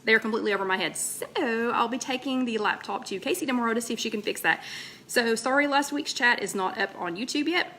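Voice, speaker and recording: A chatty woman with a lilt hosts a casual live stream, talking into a laptop mic. Her voice is bright and ringing, and she wanders from story to story and breaks off mid-sentence to greet viewers by name. A faint hiss of room noise sits under her voice. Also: fairly high pitch, fast talker. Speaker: host of a weight-loss chat livestream.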